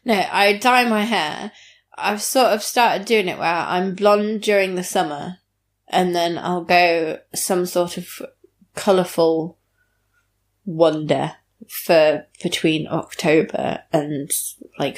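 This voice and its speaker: A woman's voice: on the low side, takes it slowly. Frank young woman, casual podcast guest. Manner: frank, self-mocking, laughs often. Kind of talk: casual chat.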